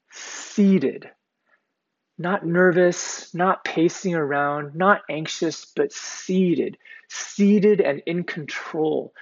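A man preaching a sermon as pastor, deliberate and emphatic, repeating key words for weight. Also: fairly high pitch, vocal fry. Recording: dull, lo-fi recording.

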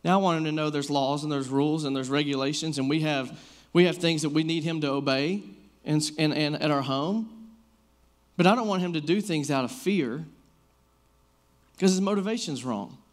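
A man's voice: on the high side, moderate pace. A man in his thirties preaching a casual sermon, telling personal stories in a loose, conversational way full of fillers. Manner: conversational, storytelling, many fillers like "like".

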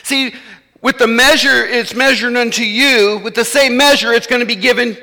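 In a large hall, a pastor preaches a sermon to his church in a conversational style, acting out the voices of his listeners. His very high voice is bright and forceful, with a steady tone at normal speed.

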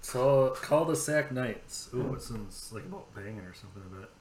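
A man's voice: lowish voice, brisk, a crowd in the background. A man from California co-hosting a podcast, telling rambling stories in casual chat, swearing freely. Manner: rambling storyteller, swears freely, acts out dialogue. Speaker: podcast co-host. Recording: echoey room with faint background noise.

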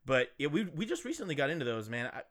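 A man's voice: fairly high pitch, very animated, fast, fairly bright tone. A man co-hosting a podcast, chatting casually with profane, joking banter. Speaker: podcast co-host. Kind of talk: casual chat.

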